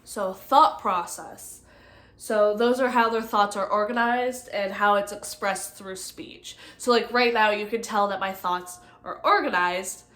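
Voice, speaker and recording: A young woman going over nursing study notes in a halting, casual way, full of ums and likes. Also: medium pitch, fairly even intonation, a bit bright. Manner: halting, many ums and likes, self-correcting. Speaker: nursing student presenter. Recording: echoey room.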